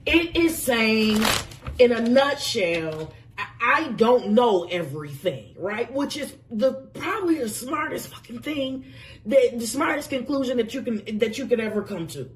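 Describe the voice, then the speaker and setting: A woman's voice: on the high side, very animated, measured pace, recorded from a distance, slight background noise. A woman giving a casual tarot reading, emphatic and effusive, swearing freely and calling the listener pet names. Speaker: tarot reader.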